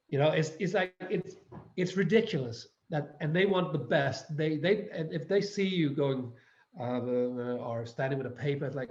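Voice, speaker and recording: A man's voice: on the high side, lively intonation, normal speed, darkish tone. Danish-accented man, roomy dull sound. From Denmark. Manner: stop-start, repeating words while searching for them. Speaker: guest actor. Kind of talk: casual interview chat. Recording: roomy, slightly dull audio.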